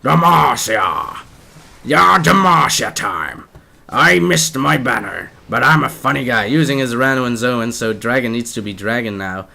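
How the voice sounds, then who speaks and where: A man's voice: on the low side, fairly bright tone. Playful young male esports caster. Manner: playful, jokey asides, trails off mid-sentence. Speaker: game caster. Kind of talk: live esports play-by-play commentary.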